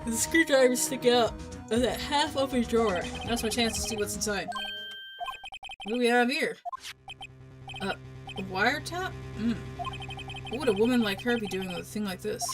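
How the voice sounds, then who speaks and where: An earnest, determined young male defense lawyer, read by a woman in her own voice, reassuring and steady. The pitch runs fairly high. Game music plays throughout. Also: moderate pace, pauses often, natural voice. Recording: music playing underneath.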